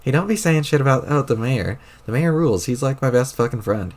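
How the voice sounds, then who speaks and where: A man voicing an aloof, sarcastic teenage boy with a flat, dry delivery, read aloud from a webcomic on stream. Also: mid-range voice, brisk, lightly acted. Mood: deadpan.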